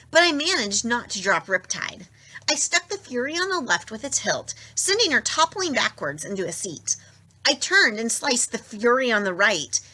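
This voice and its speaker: A young adult woman reading a novel aloud with expressive, lively narration. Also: on the high side. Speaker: storybook reader.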